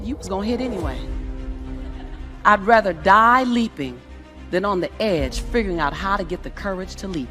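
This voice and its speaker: A woman's voice: a little high, bright, forceful tone. A woman motivational speaker addressing a live audience from a stage, punchy and call-and-response, acting out questions from the crowd.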